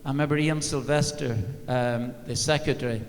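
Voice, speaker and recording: A man's voice: medium pitch, steady tone, normal speed. Wry older man telling stories in an echoing hall. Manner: wry, self-mocking storyteller, many "uh" and "um". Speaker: former football manager, guest speaker. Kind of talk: anecdote told on stage. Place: large arena at a live event. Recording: long reverb of a large hall.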